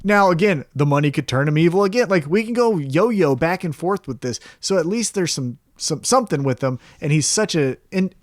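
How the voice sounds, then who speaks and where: A man's voice: a little high, expressive, brisk, few pauses, no room sound, studio quality. A man co-hosting a wrestling podcast, laid-back and profane as he breaks down storylines. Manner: laid-back, swears, thinks out loud. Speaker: podcast co-host. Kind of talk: casual wrestling analysis chat.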